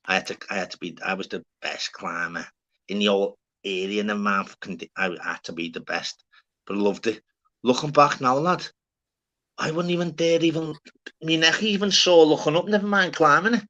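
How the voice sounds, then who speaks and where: A man's voice: mid-range voice, fairly quick, pushed and bright. A man, swearing a lot and rambling through stories in casual banter as a live stream host.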